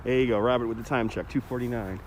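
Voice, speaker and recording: A man's voice: mid-range voice, steady tone, fast talker, a little hiss or hum. A man live streaming as he walks outdoors through a city park, chatting in a rambling way and answering viewer comments on a phone held on a gimbal. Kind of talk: casual walking livestream chat. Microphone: phone on a handheld gimbal.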